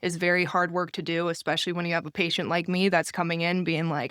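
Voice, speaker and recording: A woman's voice: on the low side, flat delivery, fast, hardly any pauses, fairly bright tone, clean tone, no room sound, studio quality. Upbeat young woman podcast host. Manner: upbeat, chatty, enthusiastic. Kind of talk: podcast interview.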